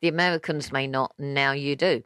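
A woman from England with a London accent, chatting casually in a group conversation in a rambling, halting way, often correcting herself. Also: very deep voice, steady tone, fairly bright tone, smooth, dry recording, low-quality recording. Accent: London English.

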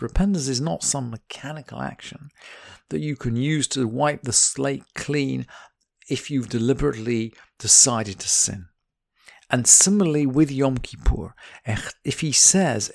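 A man teaching a religious text, reading each Hebrew line slowly and then explaining it in plain English. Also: mid-range voice, gravelly, darkish tone, no room sound, clean studio sound. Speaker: Talmud teacher. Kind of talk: text study lesson.

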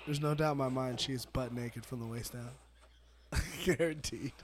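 A man co-hosting a podcast in casual chat, crude and animated, swearing often. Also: medium pitch, normal speed, very noisy. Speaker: podcast co-host.

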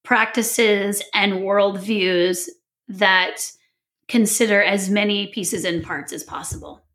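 A woman hosting a podcast in casual chat, animated and playful, laughing often. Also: medium pitch, slow pace. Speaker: podcast host.

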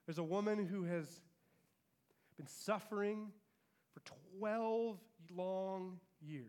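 A pastor preaching to his congregation in a fairly high, light voice. He tells the story with animation and slips into the lines of its characters as he goes. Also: slow pace, a little mellow, smooth. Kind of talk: sermon.

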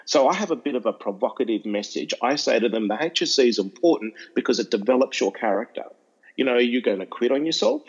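Australian man telling lively stories. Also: mid-range voice, fast, dull audio. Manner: animated, repeats and restarts, acts out voices in anecdotes. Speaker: educational speaker to students. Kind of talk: storytelling interview chat.

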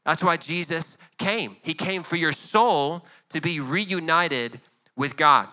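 A man's voice: fairly high pitch, takes it slowly, sharp tone. A young adult male pastor preaching a sermon in a conversational way, acting out imagined back-and-forth dialogue.

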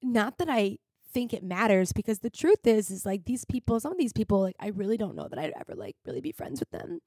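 A woman's voice: mid-range voice, sing-song, brisk, dark tone, no room sound. Rambling young woman, dry close mic. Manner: rambling, filler-heavy, emotional. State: tearful at times. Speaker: podcast host. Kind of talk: casual confessional monologue.

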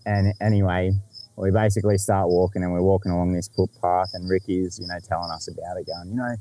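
A man's voice: sits low, flat delivery, fast talker, dark tone. A man with an Australian accent telling a story in casual podcast chat, laid-back, swearing freely and laughing along.

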